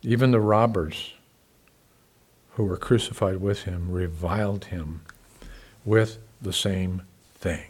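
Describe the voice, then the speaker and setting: A man preaching a sermon, talking conversationally to his listeners, swinging from loud emphatic peaks to soft, quiet asides. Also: deep voice, slow pace, pauses often, slightly rough. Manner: conversational, asks the congregation questions. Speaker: pastor.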